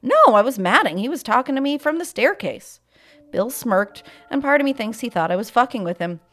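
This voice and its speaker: Woman reading a story with lively pitch. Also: fairly quick. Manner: casual and profane, with deadpan asides. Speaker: podcast host. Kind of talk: reading a listener's story aloud.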